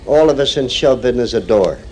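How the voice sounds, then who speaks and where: A man's voice: medium pitch, animated, fairly quick, a little mellow, rough recording. A man telling jokes on stage in a chatty, storytelling stand-up delivery. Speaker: comedian.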